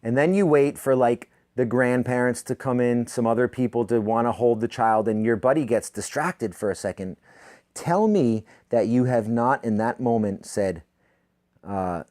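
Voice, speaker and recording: A man's voice: normal speed, no room sound. Profane ranting man, dry close sound. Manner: profane, sardonic ranting with sudden loud pitch jumps. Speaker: podcast host. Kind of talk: comedic rant monologue.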